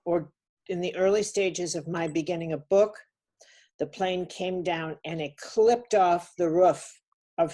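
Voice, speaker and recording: A woman telling a personal story on a webinar, earnest and halting, often restarting her sentences. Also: on the low side, darkish tone. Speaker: webinar speaker.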